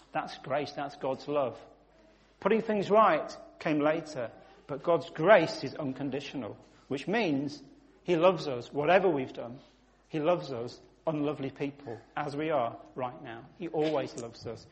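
A man's voice: fairly high pitch, a little slow. A man, preaching a sermon through vivid, emphatic storytelling that rises suddenly in volume.

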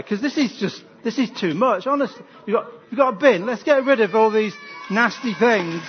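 A man leading a playful Christmas children's talk in church, lively and animated. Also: sits high, normal speed, dull audio, a little hiss or hum. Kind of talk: Christmas family service talk.

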